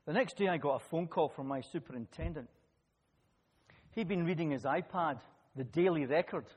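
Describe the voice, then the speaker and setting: A man preaching a sermon, telling a personal story with lively swings between loud emphasis and quiet asides. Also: fairly high pitch, normal speed. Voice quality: husky. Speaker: pastor. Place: church hall. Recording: long church-hall reverb.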